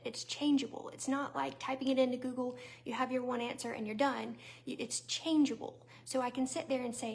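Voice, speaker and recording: A woman's voice: fairly high pitch, vocal fry. A woman with a Southern US accent talking casually to viewers, chatty and conversational, with fillers and little laughs. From Southern United States. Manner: talks straight to viewers. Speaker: vlogger and small business owner. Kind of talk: casual talk to camera.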